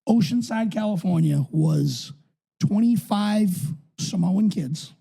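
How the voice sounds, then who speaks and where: Gravelly husky man telling rambling stories. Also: lively intonation, slow pace, mellow. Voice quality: voice higher than his build suggests. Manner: rambling, profane storytelling. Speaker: podcast co-host and youth football coach. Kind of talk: casual podcast chat.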